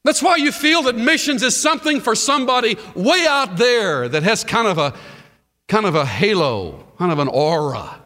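A man preaching a sermon, dramatic, swinging between hushed asides and shouting. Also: sits high, very animated, moderate pace, faint music behind. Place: large church hall. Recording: long reverb of a large hall.

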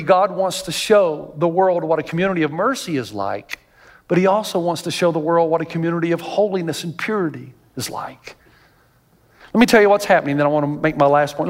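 Pastor, male, high voice, lively storytelling sermon, big echoing church. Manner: animated, jokey storytelling, rising to near-shouts.

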